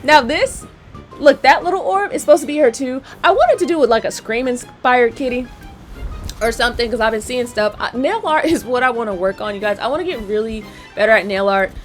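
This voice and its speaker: Over soft background music, this channel host talks a little fast in a fairly high, lively voice while doing nails. She keeps the chat casual and slangy, checking in with the people watching.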